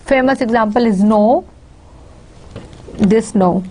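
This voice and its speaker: A woman with a Pakistani English accent gives a recorded university lecture. Her voice sits a little high. She explains step by step, often pausing on fillers and restarting her sentences. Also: warm tone. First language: Urdu.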